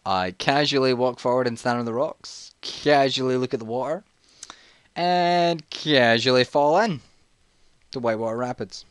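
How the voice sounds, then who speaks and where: A man's voice: mid-range voice, brisk, hardly any pauses, dry recording. A man, telling a jokey, rambling story in a casual vlog while playing a video game and getting sidetracked. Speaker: vlogger.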